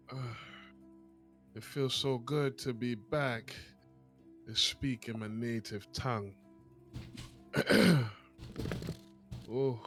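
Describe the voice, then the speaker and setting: A man's voice: medium pitch, very slow, pauses often, a bit bright, soft background music. A man voicing a proud female elf queen with a Jamaican accent, stately and lilting. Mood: wistful.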